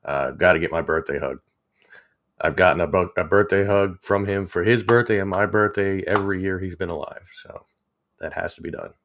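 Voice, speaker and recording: A man's voice: low-pitched, brisk, a bit bright. A man, chatting casually with viewers on a livestream, rambling and chuckling as he reads the chat. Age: 40s. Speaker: livestream host.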